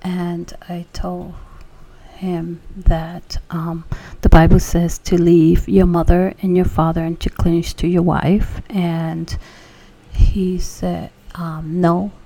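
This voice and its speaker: A woman sharing a personal faith testimony, telling her story with emotion and often dropping into a breathy whisper. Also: lowish voice, little pitch movement, slow, dark tone.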